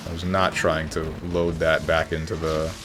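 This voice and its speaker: A man streaming a game, talking in a dry, low-key way to his chat, with sudden high yelps when he gets hit. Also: little pitch movement, moderate pace. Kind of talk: casual gameplay commentary. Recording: game music behind the voice. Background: faint game music.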